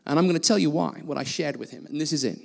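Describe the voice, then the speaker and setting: Male guest preacher, high voice, blunt and self-deprecating, church-hall echo. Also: fast, vocal fry. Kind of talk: sermon.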